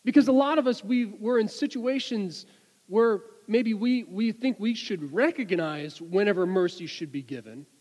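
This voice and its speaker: A man giving a sermon, telling an anecdote with lively delivery and many restarts and repeated words. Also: high-pitched, normal speed, in a large hall, poor audio. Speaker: preacher. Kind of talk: sermon with storytelling.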